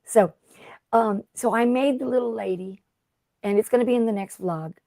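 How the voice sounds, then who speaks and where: A woman's voice: a little high, moderate pace, dark tone, no echo, clean studio sound. A middle-aged woman hosting a casual craft livestream, rambling and chatty as she greets viewers by name. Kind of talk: casual live-stream chat.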